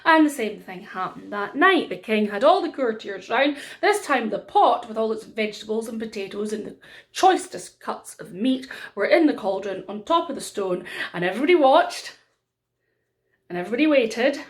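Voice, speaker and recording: A woman telling a folk tale to children, animated and dramatic, slowing for emphasis. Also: on the high side. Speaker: storyteller.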